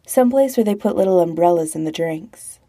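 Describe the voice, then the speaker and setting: A woman voicing a sleepy, playful young man who longs for somewhere warm, speaking softly. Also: on the low side, lively intonation, a little fast. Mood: sleepy teasing. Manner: drowsy, playful, soft. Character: sleepy, teasing young man wanting warmth.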